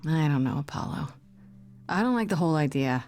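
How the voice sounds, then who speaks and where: A hesitant young newcomer. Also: female voice, sits low, expressive, a little fast, darkish tone. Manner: hesitant, sympathetic. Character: young woman Grace, uneasy newcomer. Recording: game audio with faint music.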